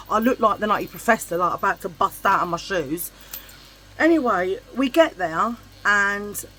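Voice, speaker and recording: A middle-aged woman with a mid-range voice tells a long, chatty story in a casual vlog, captured on a rough recording. Blunt and animated, she swears freely and voices the characters in her anecdotes.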